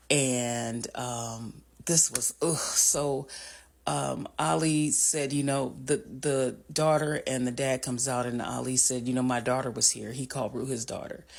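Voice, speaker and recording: A vlogger casually recapping a TV episode, talking in a chatty way with many fillers and restarts and reacting emotionally to the scenes. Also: medium pitch.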